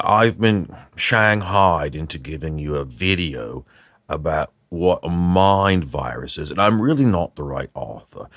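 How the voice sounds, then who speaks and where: A man's voice: a bass voice, fairly bright tone, no room sound, studio quality, heavily acted. A man doing a rambling old novelist. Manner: rambling, halting, apologetic, self-interrupting. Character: rambling older male British novelist. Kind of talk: comic impression monologue.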